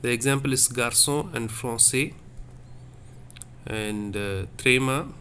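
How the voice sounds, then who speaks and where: Male language teacher, slow and repetitive, mid pitch, faint room noise. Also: sharp tone. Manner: slow, repetitive, checks with "okay?". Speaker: French teacher. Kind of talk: classroom lesson.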